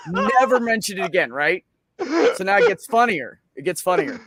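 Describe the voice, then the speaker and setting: A man with a slightly high voice tells a story casually, swearing often and getting animated as he goes. The sound is dry and close, with no room echo. He talks like he is among friends. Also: moderate pace, husky. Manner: profane, animated, laughs at own story. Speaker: open mic storyteller.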